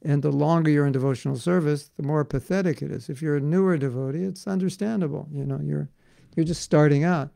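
A man teaching a devotional class in an earnest, conversational way, full of casual fillers, swinging between loud emphasis and soft asides. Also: a little high, fast, creaky, no echo. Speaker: spiritual teacher.

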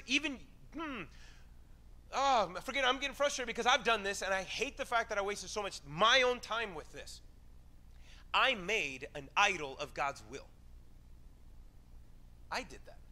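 A male pastor preaching a conversational sermon, acting out quoted voices in a lively way. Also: very high voice.

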